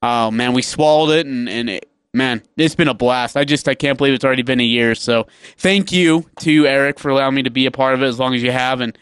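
A man's voice: mid-range voice, fast, fairly bright tone, clean tone, no room sound, studio quality. A young adult man co-hosting a radio sports show, chatting casually, laughing often and acting out stories. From Utah. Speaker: radio co-host. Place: radio studio. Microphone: studio microphone.

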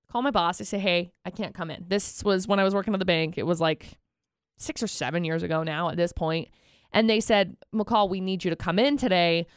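A woman co-hosting a radio show, talking in a chatty, expressive way into a studio microphone. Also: lowish voice, smooth, no echo. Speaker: radio co-host. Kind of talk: casual radio chat.

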